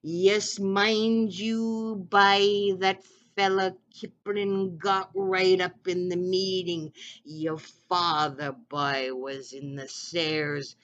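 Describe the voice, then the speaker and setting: A speaker voicing an old Red River settler man, telling a yarn in the Bungi dialect with animated, drawn-out delivery. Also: mid-range voice, muffled recording, pitched above the performer's own voice.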